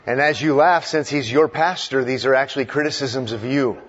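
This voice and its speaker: A man's voice: medium pitch, normal speed, lo-fi sound, noisy background. A man preaching as a guest in a church, talking from the podium with playful teasing that turns earnest. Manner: playful, teasing the congregation before turning earnest. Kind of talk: sermon.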